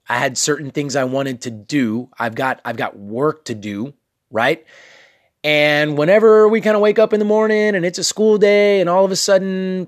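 Candid podcasting dad, close dry sound. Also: male voice, mid-range voice, no room sound. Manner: candid, talks to listeners directly with frequent asides. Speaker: podcast host. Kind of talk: casual motivational monologue. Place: his bedroom at home.

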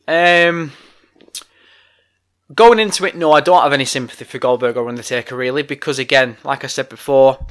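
A man's voice: mid-range voice, a bit bright, smooth. A man hosting a solo wrestling podcast, ranting bluntly and swearing a lot. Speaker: podcast host.

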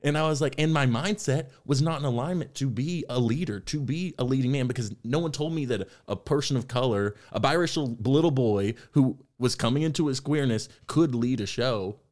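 A young man, an actor, talking candidly in an interview, telling his story in a reflective, animated way. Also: medium pitch, a little fast, hardly any pauses. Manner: candid, reflective, animated when quoting himself. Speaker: actor and podcast guest.

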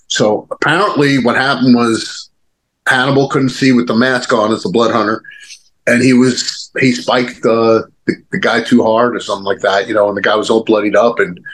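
Speaking in a mid-range voice on a low-quality recording, a guest who used to be a pro wrestler, now in his fifties, chats casually and tells stories. He rambles, restarts often, leans on fillers and swears now and then.

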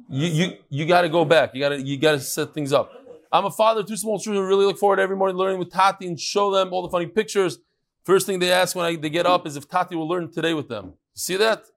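A man teaching a daily Talmud class as a rabbi, animated and teasing, joking with his audience as he reads messages and sets riddles. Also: a little high, fast, creaky. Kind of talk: Talmud lesson with joking banter.

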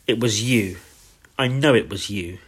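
A man's voice: fairly low pitch, brisk, fairly bright tone, breathy edge. A man voicing a huge, furious, bullying headmistress who roars every line. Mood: furious roaring. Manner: roaring, bellowing.

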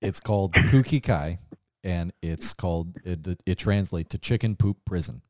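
A man's voice: low voice, moderate pace, a little mellow, dry recording, studio quality. A young man co-hosting a comedy podcast, telling a news story in casual chat with laughs and swearing. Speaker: podcast co-host.

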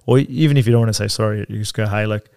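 A man's voice: on the low side, very fast, gravelly, a little mellow, clean tone. A man in his thirties co-hosting a podcast in casual chat, rambling with fillers and casual swearing. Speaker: podcast co-host.

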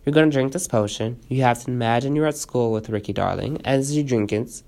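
A storyteller putting on a gravelly, scheming male sea-witch dealer. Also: mid-range voice, a little fast, darkish tone, close to an everyday voice.

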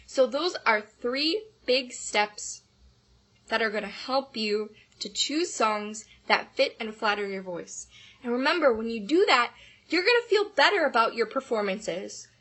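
A woman's voice: a little high, lively intonation, a little slow, fairly bright tone, slightly rough. A woman voice teacher giving an upbeat, enthusiastic podcast lesson on singing.

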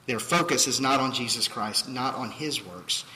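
A man's voice: medium pitch, moderate pace, sharp tone, in a large hall, slight background noise, poor audio. A man preaching a sermon as pastor, emphatic and full of rhetorical questions. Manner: emphatic, rhetorical questions, acts out quoted voices.

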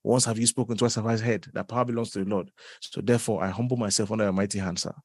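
A man putting on a fawning churchgoer who flatters a self-styled prophet in mock-solemn, old-fashioned reverent words. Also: on the low side, racing, husky, no room sound, voice pushed down.

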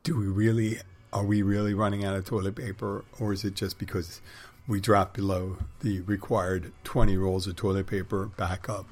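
Husky, deep-voiced middle-aged man. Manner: wry, digressive, crude humor. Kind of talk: rambling casual monologue.

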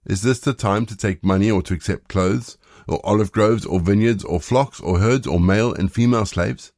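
A man reading the lines of a stern old male prophet in a grave, measured way, close to his own voice. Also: fairly low pitch, a little mellow, no echo. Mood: solemn.

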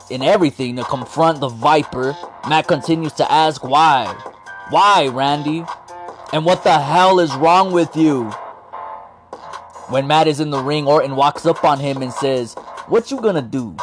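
Slangy, playful male podcast host. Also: fairly high pitch. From Latino. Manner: playful, self-mocking, slangy. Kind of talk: casual wrestling podcast commentary.

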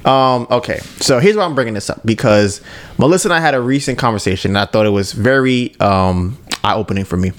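A man's voice: mid-range voice, a little fast. A man hosting a podcast, telling a story in a casual chat, laughing often and tagging sentences with "right?". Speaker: podcast host.

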